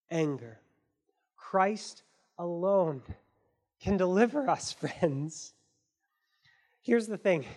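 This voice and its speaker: A woman's voice: on the low side, darkish tone. A woman pastor giving a sermon in an earnest, conversational way, with casual fillers.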